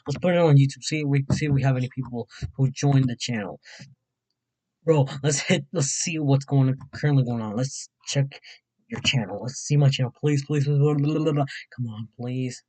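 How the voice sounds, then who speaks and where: A man from Mexico hosting a casual weather livestream, excitable and rambling, often repeating himself. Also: medium pitch, moderate pace, low-quality recording.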